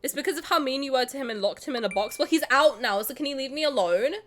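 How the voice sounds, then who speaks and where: Lively, foul-mouthed woman streamer. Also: high voice, quick pace. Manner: mock-angry, swearing, playful. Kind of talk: live-streamed game play with chat.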